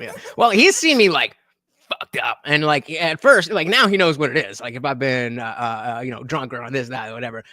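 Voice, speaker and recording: A man live streaming, chatting casually with his audience, hyped and shouty, profane, dropping to mumbled asides. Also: medium pitch, dry recording, clean studio sound.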